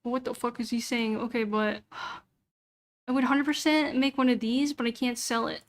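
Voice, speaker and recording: A young adult woman, a VTuber streamer, chats casually on a livestream, muttering to herself as she browses and swearing freely. Her voice is on the high side, with a steady tone and moderate pace.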